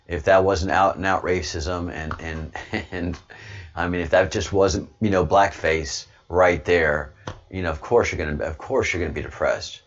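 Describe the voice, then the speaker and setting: A man's voice: sits low, steady tone, moderate pace, lo-fi sound. A man with a Southern American accent talking in a rambling casual monologue, often restarting and calling his listeners brother. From Southern United States. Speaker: online commentary host.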